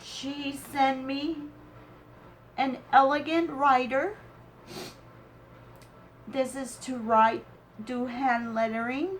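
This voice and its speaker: A high-voiced woman opens a craft swap package, gushing and sentimental. She talks very slowly, breaking off with pauses and fillers, against a faint background hum. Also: fairly even intonation, poor audio. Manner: gushing and sentimental, exclaims often. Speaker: crafting vlogger.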